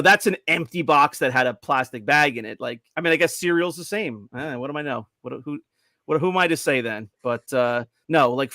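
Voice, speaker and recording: A man's voice: medium pitch, a bit bright, dry recording, clean studio sound. A man co-hosting a livestreamed toy-collecting podcast, chatting casually and restarting his sentences. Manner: chatty, halting with restarts and laughs. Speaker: podcast co-host.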